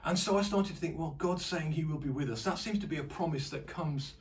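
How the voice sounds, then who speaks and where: A man's voice: fairly high pitch, brisk. A man presenting a casual online church devotional, chatty and rambling with fillers and restarts. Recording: distant mic.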